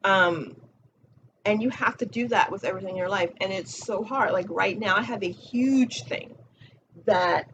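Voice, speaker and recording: A woman's voice: mid-range voice, moderate pace, fairly bright tone, muffled recording, slight background noise. A woman giving a casual motivational talk as a spiritual coach, blunt and profane, repeating her key phrases.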